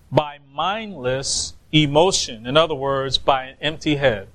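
A man preaching a sermon, slow and emphatic, pleading with rhetorical questions. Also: fairly high pitch, fairly bright tone. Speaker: pastor.

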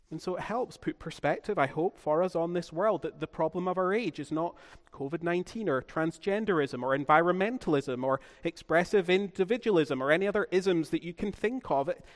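A man's voice: a little high, long reverb tail. A man preaching a sermon as pastor, repeating key phrases for emphasis.

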